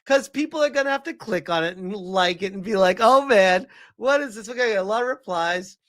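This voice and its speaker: A man's voice: sits high, fast, fairly bright tone. A man giving heated, profane reaction commentary, reading article quotes aloud between his own remarks.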